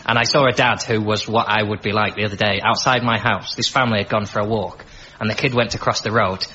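A man, a comedian on a panel, joking in a deadpan, self-mocking way. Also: fairly low pitch, fast, slight background noise. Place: studio with live audience. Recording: muffled, loud audience laughter.

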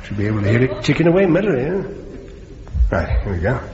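An actor playing a chirpy, breezy bomb-disposal officer. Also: male voice, mid-range voice, very animated, quick pace, close to an everyday voice. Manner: chirpy and flippant, chuckling as he talks. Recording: dull, roomy sitcom soundtrack with long reverb and noise.

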